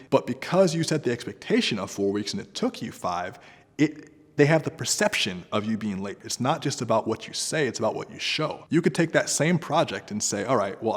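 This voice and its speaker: A man giving freelancing advice straight to the camera, talking in a direct, conversational way that turns animated. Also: mid-range voice, in a large hall. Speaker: entrepreneur guest giving advice.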